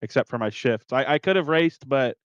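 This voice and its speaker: A man's voice: medium pitch, fairly quick, no room sound, highs cut off. A man who runs the racing league, chatting casually about his race and the schedule, swearing and laughing along the way. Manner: relaxed, swears, laughs often. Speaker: league organizer and commentator. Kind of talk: casual chat.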